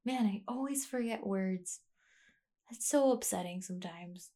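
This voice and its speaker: A woman's voice: medium pitch, a little slow, warm tone. Young woman, podcast host, unscripted and reflective, many fillers and restarts, mid-range voice. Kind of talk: casual personal monologue. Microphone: plugged-in podcast mic.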